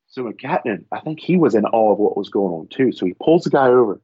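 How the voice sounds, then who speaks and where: A man's voice: mid-range voice, lively intonation, quick pace, breathy edge, muffled recording. A man, a firefighter, telling a profane story in casual podcast talk and acting out the people in it. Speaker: firefighter guest.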